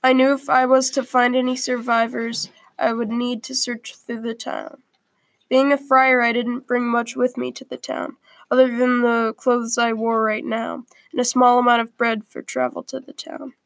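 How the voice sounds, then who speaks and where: A woman reading a first-person story aloud in a quiet, earnest way, with small slips along the way. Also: on the high side, little pitch movement, normal speed, gravelly, no room sound.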